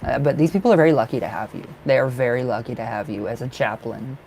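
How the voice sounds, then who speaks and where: A man talking in a casual live-stream chat, his mid-pitched voice carrying a gravelly edge. He is effusive and affectionate, laughing often and restarting his sentences as he speaks to viewers by name. A faint hum sits behind him. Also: quick pace, a little mellow, poor audio. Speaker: tarot reader.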